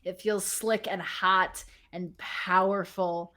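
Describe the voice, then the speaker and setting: A young woman narrating as game master of a tabletop game, lively and casual, laughing often and swearing freely. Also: mid-range voice, slow pace.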